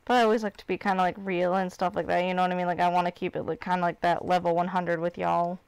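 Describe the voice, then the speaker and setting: A young woman in her twenties from Illinois chatting on a live stream. Her voice is smooth and clear, and the sound is dry and close. She talks in loose, rambling runs full of fillers, open and candid with her viewers. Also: on the low side, little pitch movement, fast, no room sound. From Illinois, United States. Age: 20s. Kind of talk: casual live-stream chat.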